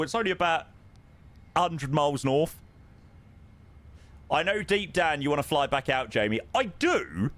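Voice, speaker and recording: Lively, chatty man streaming. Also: medium pitch, normal speed, long pauses. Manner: chatty, answers viewers with lots of ums and "mate". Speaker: live streamer flying a flight simulator. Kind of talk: casual live-stream chat.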